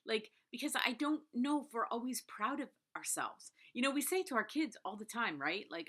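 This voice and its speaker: A woman's voice: on the high side, brisk, few pauses, sharp tone. A woman in her fifties talking candidly and casually to her viewers about a book, with lots of "like" and "right?". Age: 50s. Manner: candid and chatty, many "like"s and "right?". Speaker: book review vlogger. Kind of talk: casual chat.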